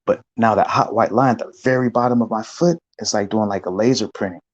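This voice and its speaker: A man animatedly recounting a spiritual vision as testimony, acting out gasps and shouts along the way. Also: fairly low pitch, fast, muffled recording.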